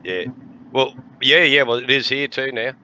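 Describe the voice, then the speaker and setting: A man's voice: medium pitch, normal speed, pushed and bright, highs cut off, slight background noise. An Australian man in his sixties telling rowdy stories in casual chat, laughing often and swearing freely. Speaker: podcast host.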